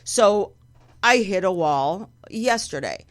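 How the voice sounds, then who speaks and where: A woman hosting a podcast in a casual chat, talking with a slightly gravelly voice, laughing easily and poking fun at herself. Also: mid-range voice, animated, slow. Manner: chatty, laughing, self-deprecating. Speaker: podcast host.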